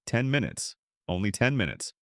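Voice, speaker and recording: Brief: steady, earnest male airline captain read by a male narrator, lively low delivery. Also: normal speed, vocal fry, no room sound, clean studio sound, exaggerated voice.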